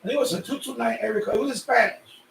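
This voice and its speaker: A man's voice: very high voice, racing, vocal fry, a bit bright, slight background noise. A Puerto Rican man from New York, chatting casually on a radio hobby live stream, rambling and repeating himself, sweaty from the heat. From Puerto Rican family, raised in New York. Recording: echoey room, voice a bit far off.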